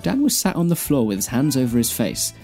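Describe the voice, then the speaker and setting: A man of middle pitch co-hosts a casual podcast, reading a daft fan fiction aloud and cracking up as he goes. Faint music sits under his voice. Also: very animated, a little fast, vocal fry, darkish tone. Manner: laughing through comic lines. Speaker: podcast co-host.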